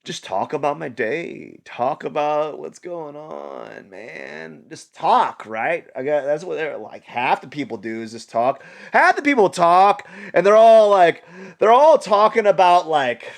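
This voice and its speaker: A man's voice: fairly high pitch, big pitch swings, measured pace, gravelly. A man vlogging in a loose, rambling way, full of fillers and restarts, amused by his own jokes. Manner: mocks others in silly put-on voices. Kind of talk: casual rambling vlog.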